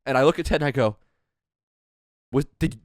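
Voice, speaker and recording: A man hosting a podcast, telling a story in a casual, animated way, with swearing, as he acts out what people said. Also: medium pitch, very fast, dry recording, studio quality. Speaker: podcast host.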